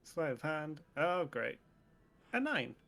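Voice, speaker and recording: A man's voice: a little high, very animated, takes it slowly, vocal fry, pushed and bright. A man playing a tabletop game, joking and laughing in casual chat. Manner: jokey, laughing. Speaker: player.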